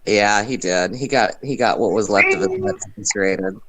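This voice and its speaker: A woman's voice: extremely low pitch, huge pitch swings, normal speed, over a noisy crowd. A woman in a casual group voice chat, brash and sassy, swearing freely. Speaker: voice chat participant.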